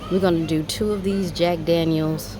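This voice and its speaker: A woman with a low voice records a casual travel vlog in an airport, talking to her audience in a chatty, expressive way. Loud airport noise sits clearly behind her voice. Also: normal speed. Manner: chatty, expressive, venting frustration. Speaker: travel vlogger. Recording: noisy airport ambience.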